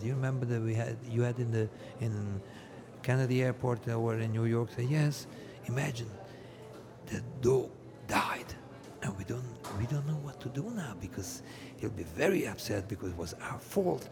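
A man's voice: medium pitch, moderate pace. A man, a rabbi, telling comic stories to a live audience and acting out each character's voice. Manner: animated, acts out every character's voice.

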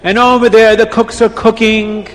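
A man telling a story aloud in an animated, repetitive way, sprinkling in Yiddish words. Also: high-pitched, normal speed. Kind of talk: oral storytelling. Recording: long reverb.

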